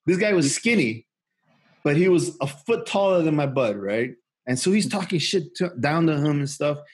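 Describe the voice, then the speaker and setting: On his podcast, a male co-host tells a long, casual story in a husky, slightly high voice. He rambles, swears freely, and keeps restarting, filling gaps with "you know" and "right?". His delivery is expressive and moderately paced.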